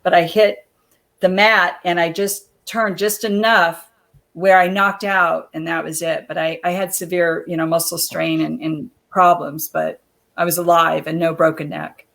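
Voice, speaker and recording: A chatty woman telling long stories on a video call. She is a lively storyteller who laughs easily between anecdotes. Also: lowish voice, measured pace, vocal fry. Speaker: guest, former wrestler. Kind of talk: casual interview chat.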